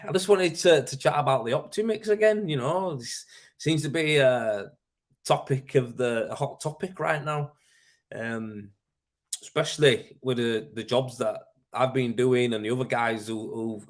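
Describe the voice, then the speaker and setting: A male host rambles easily through a casual live-stream chat, answering viewer comments and sprinkling in "mate" and "man." His voice is medium-pitched at a normal speed.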